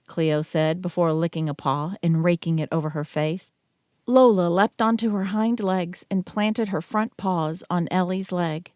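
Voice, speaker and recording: A woman narrating an audiobook in a measured, even reading. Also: lowish voice, clear, resonant tone, no room sound. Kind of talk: scripted narration. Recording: dry close studio mic.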